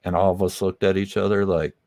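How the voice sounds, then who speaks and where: A man's voice: sits low, flat delivery, fast talker, darkish tone. A man guesting on a podcast, chatting casually about his music, rambling with lots of fillers and swearing. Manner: laid-back, swears a lot, rambling with many fillers. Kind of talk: casual interview chat.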